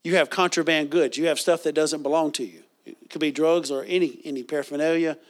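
Guy preaching a sermon, fairly high voice, gets animated, calls out to the crowd. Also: fast talker. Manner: animated, call-and-response with congregation.

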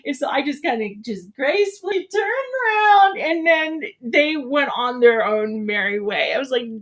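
Woman, middle-aged, casual morning-show chat, animated storyteller, laughs often, slightly high voice. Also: normal speed, hardly any pauses.

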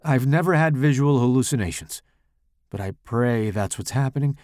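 A man reading his own first-person horror story aloud in a slow, dramatic, expressive way. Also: medium pitch, no echo, clean studio sound.

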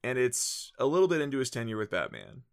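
A man's voice: mid-range voice, wildly swooping pitch, fast, vocal fry, clear, resonant tone. A man co-hosting a casual podcast, recapping a show in a rambling way with lots of fillers and restarts. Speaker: podcast co-host.

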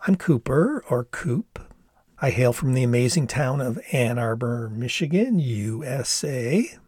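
A man voicing his eighteen-year-old self in a storybook reading, teasing in a high sing-song that drops to whispers. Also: lively intonation, measured pace, a little mellow, breathy edge, no echo, clean studio sound. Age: young adult.

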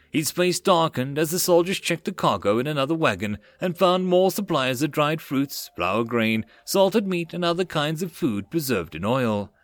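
A man narrating a web novel audiobook in a lively, expressive way. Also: medium pitch, no room sound.

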